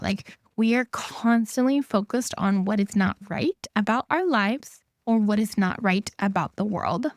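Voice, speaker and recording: A woman's voice: mid-range voice, a little slow, few pauses, no echo. A woman hosting a solo podcast as an intimacy coach, talking earnestly and repeating her key points for emphasis.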